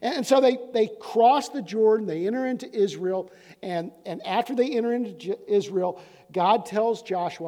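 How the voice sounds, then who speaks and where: A man's voice: high voice, moderate pace, dark tone. A man in his fifties preaching a conversational sermon as pastor, often restarting and repeating words. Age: 50s. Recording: long hall reverb.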